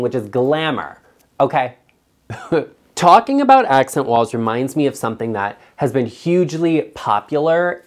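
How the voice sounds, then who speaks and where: A man hosting an interior design vlog, talking straight to viewers in a chatty, emphatic way, with big jumps up in pitch on his asides. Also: a little mellow.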